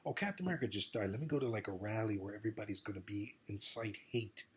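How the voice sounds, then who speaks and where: A man's voice: on the low side, fast, slight background noise. A man giving an impassioned, rambling monologue straight to the camera, urging and warning with emphatic repetition. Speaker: political commentator.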